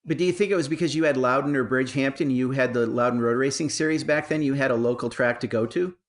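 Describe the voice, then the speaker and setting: A man co-hosting a racing interview show, lively and quick to laugh. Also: mid-range voice. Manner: lively, laughing, animated retelling. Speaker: podcast co-host. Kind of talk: casual interview.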